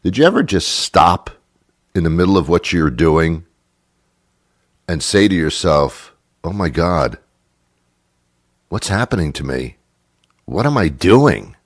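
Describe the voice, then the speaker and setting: A man's voice: low-pitched, animated, takes it slowly, long pauses, dry recording, studio quality. A man hosting a talk show, rambling through a comic monologue in a chatty, self-mocking way. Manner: chatty and self-mocking, slipping into silly put-on voices.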